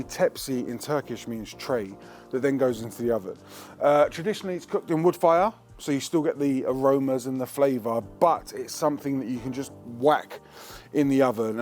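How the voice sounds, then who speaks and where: A man's voice: medium pitch, darkish tone. A man hosting a cooking show, talking in a slangy, chatty, joking way while he cooks in a kitchen. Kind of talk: casual cooking demonstration.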